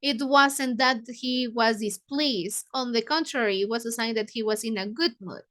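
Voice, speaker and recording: Woman, book club leader, bright, high voice. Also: normal speed. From Mexico. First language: Spanish. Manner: paraphrases lines, glosses words in Spanish. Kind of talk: explaining a novel to English learners.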